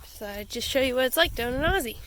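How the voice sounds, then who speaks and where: A woman's voice: high voice, animated, quick pace, a bit bright, a little hiss or hum. Giggly woman cooing over her pets. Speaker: pet vlogger. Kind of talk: casual vlog chat. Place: home pet room.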